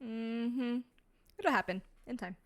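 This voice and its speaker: Female podcast co-host, slightly high voice, relaxed and brief. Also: takes it slowly. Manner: laid-back, brief replies. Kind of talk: casual chat.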